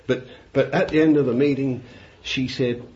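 An older man with an East London Cockney accent, preaching a sermon and telling stories, bursting into loud commands at the devil and chuckling as he goes. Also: mid-range voice, normal speed. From England. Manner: animated, shouts commands at the devil, chuckles through anecdotes. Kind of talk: sermon with storytelling. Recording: dull lo-fi recording with faint hiss.

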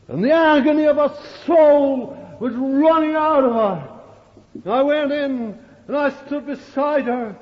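A male preacher delivering a sermon as a dramatic storyteller, swinging from loud to hushed. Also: extremely high pitch, slow pace. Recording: dull, echoey old hall recording.

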